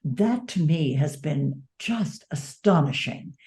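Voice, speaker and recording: A woman with a low, mellow voice talks as an interview guest. She sounds earnest and reflective and leans on her key words. Her manner is that of an author sharing her experience as an advocate. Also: expressive, slow pace. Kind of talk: conversational interview.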